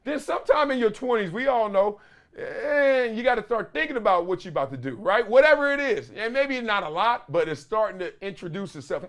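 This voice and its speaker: A man in his forties hosting a solo sports talk show, telling stories in slangy, animated talk and acting out little voices with laughs. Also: high voice, a little fast. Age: 40s. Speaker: show host.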